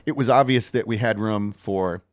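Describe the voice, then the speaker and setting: A man co-hosting a casual chat, telling stories in a rambling, animated way. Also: on the low side, moderate pace. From Texas, US. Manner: rambling, animated storytelling with laughs. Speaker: co-host.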